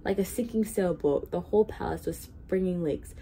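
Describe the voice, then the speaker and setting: Woman reading a kids book out loud, lowish mellow voice, faint hum behind. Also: normal speed. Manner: expressive, steady reading. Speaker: hospital volunteer reader. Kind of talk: storybook read-aloud.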